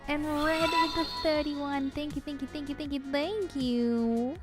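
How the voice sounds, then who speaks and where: A woman's voice: sits high, steady tone, measured pace, soft background music. A woman chatting casually on her live stream, bubbly and giggly, thanking viewers and admitting she feels scattered.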